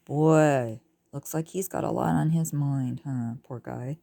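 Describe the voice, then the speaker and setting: A woman reading a children's book aloud, unhurried, with chatty asides to her listeners. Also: very deep voice, creaky, warm tone, no echo. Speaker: reader.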